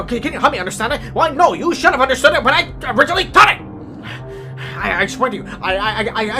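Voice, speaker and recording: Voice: mid-range voice, close to an everyday voice. A performer voicing a lazy priest who sighs and stammers defensive excuses, with music behind. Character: lazy self-excusing priest brother, adult man.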